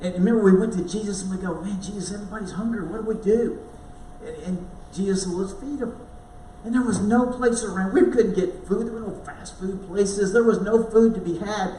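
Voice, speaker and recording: A man giving a dramatic first-person Bible monologue in church, halting and repeating words as he tells the story. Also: sits high, warm tone, a little hiss or hum. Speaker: church speaker. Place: church sanctuary. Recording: echoey room, voice from far off.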